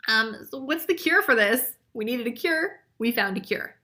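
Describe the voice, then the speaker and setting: A woman's voice: on the high side, expressive, moderate pace, pushed and bright. A woman doing a live group psychic reading, blunt and chatty, swearing and laughing often. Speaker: psychic reader.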